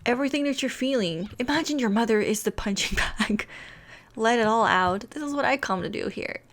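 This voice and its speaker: A woman's voice: on the high side, animated, a little fast. A woman casually narrating a life-sim game story, chatty and giggly, with dramatic asides. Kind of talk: casual let's-play storytelling.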